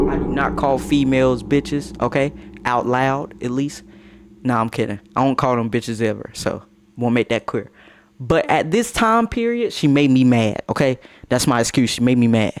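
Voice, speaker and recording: A young man telling a casual storytime with slang and swearing, breaking into high-pitched outbursts. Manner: animated, swings into high-pitched outbursts when quoting.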